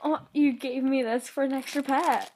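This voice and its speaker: A young woman vlogging an unboxing, gushing and gasping, often dropping to an excited whisper. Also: sits high, normal speed, a little hiss or hum.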